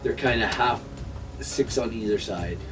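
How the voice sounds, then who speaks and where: A man running a tabletop game as game master, narrating with many pauses and restarts. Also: on the low side, distant mic, music in the background, rough recording. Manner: hesitant, many fillers and restarts. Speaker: dungeon master.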